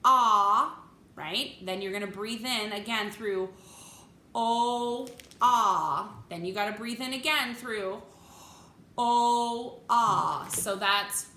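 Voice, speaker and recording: A woman's voice: mid-range voice, slow pace, pushed and bright, reverberant, soft background music. A woman choir teacher giving a vocal lesson, coaching diction step by step and singing phrases for the class to copy. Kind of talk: vocal lesson with sung demonstrations.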